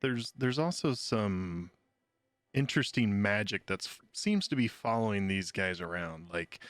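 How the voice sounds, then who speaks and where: A man playing a tabletop game, relaxed and joking. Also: on the low side, a little slow, clear, resonant tone, no echo. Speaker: player.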